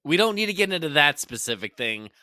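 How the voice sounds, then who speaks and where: A man's voice: fairly high pitch, sing-song, fast talker, bright, forceful tone, no echo, studio quality. A man co-hosting a podcast in casual chat, reacting with short comments and laughs. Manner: laughs easily, brief reactions. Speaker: podcast co-host.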